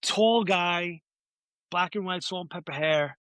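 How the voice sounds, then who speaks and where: A man's voice: high-pitched, measured pace, fairly bright tone, clean tone, no echo. A man in his forties, a podcast guest, telling a long anecdote in casual talk, swearing freely and acting out what other people said. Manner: swears freely, acts out quoted voices.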